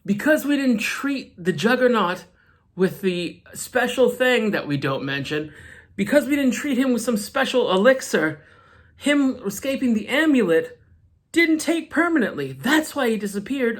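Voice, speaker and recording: A know-it-all male team leader, as a man puts him on, explaining in a mock-earnest tone. The pitch swings widely from low to high. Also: sing-song, moderate pace, full character voice. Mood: smug.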